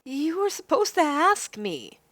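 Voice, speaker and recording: A woman's voice: sits high, huge pitch swings, unhurried, a bit bright, no room sound, pitched above the performer's own voice, heavily acted. A woman voicing a nervous, earnest young heroine who stammers and pleads, reading a visual novel aloud. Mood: flustered.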